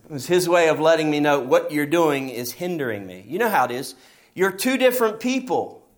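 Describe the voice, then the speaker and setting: A man's voice: a little high, very animated, fairly quick. A middle-aged man preaching a sermon as pastor, telling stories and pressing his points with emphasis. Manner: storytelling, emphatic with rising passages.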